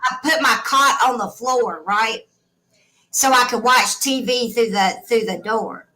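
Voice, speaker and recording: Blunt, animated woman storyteller. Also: on the high side, measured pace, poor audio. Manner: blunt, swears freely, emotional and animated. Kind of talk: casual storytelling chat.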